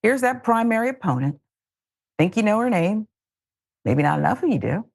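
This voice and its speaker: A woman's voice: mid-range voice, very animated, moderate pace, creaky, darkish tone, no echo, studio quality. A woman with a Southern American accent hosting political commentary, sarcastic, exasperated and emphatic. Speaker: host.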